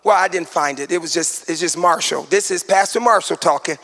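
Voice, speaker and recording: Preacher, man, 40s: high gravelly voice, sing-song emphatic delivery, reverberant church hall. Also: fairly quick. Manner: emphatic, sing-song preaching cadence with shouted peaks and humorous asides. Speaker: pastor. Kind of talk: sermon.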